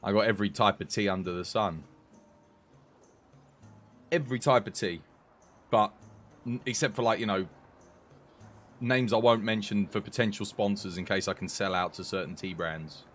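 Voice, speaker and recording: A man's voice: lowish voice, normal speed, pauses often, fairly bright tone, faint music behind. A young British man rambling casually to his livestream viewers, swearing lightly as he chats. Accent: British English. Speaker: game streamer chatting with viewers.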